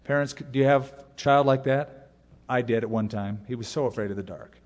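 A middle-aged man preaching a sermon as a pastor, earnest, with pauses and sudden emphatic rises. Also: mid-range voice, darkish tone. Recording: long reverb of a large hall.

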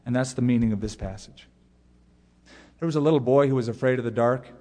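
A middle-aged man preaching a sermon as a pastor, earnest, with pauses and sudden emphatic rises. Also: mid-range voice, mellow. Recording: long reverb of a large hall.

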